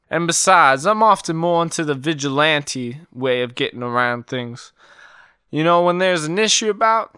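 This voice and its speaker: A man's voice: mid-range voice, bright, forceful tone, clear, resonant tone, dry recording, studio quality. A man playing a brash cowboy lawman who rides horseback and rants in favor of vigilante justice. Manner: blustering, ranting. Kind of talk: improvised comedy character.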